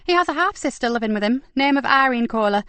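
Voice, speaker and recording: A woman narrator voicing a brisk, wry female police constable, raised and lively. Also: sits high, smooth, no echo, pitched above the performer's own voice.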